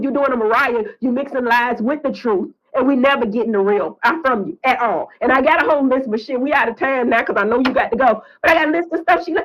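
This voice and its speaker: A woman's voice: high-pitched, a bit bright, rough recording. An older woman talking bluntly and emotionally in a heated podcast chat, swearing freely and rambling. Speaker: reality TV guest.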